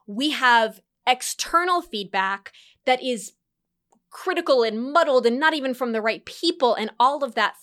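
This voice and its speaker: A woman in her thirties, an entrepreneur, reflecting in an animated solo talk with quick bursts and light laughs. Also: high-pitched. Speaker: entrepreneur and course creator.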